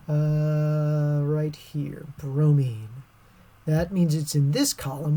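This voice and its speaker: Woman teacher walking thru a science lesson on screen, kinda low voice, lots of ums. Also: dark tone, a little hiss or hum. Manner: casual, chatty, with many fillers.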